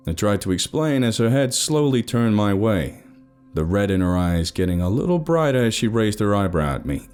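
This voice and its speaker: A man narrating a first-person story, giving each character an expressive voice. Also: fairly low pitch, fairly quick, faint music behind.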